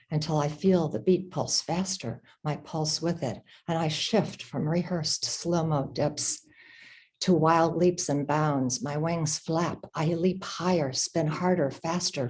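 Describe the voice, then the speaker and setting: A woman reading her prose aloud at a literary event, in a measured, slow, dramatic way. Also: deep voice, darkish tone. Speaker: reader.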